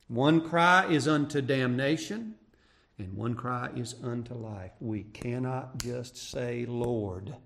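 A male pastor preaching a sermon, swinging between raised, emphatic cries and hushed, quiet passages. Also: medium pitch, slow pace. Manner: preaching with rising shouts and hushed drops.

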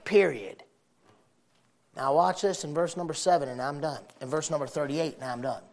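A man's voice: moderate pace, gravelly. A man preaching a sermon, folksy, repeating phrases for emphasis. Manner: builds from low conversational to shouting fervor.

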